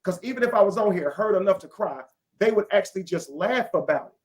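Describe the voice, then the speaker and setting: Indignant high-voiced man. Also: expressive, fast talker. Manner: indignant, swearing, defensive. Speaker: guest. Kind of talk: heated live stream talk.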